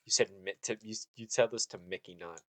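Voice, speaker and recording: Man, game master, low voice, dry close sound, halting, lots of fillers. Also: sharp tone, no room sound. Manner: loose and halting, many fillers. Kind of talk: running a tabletop game.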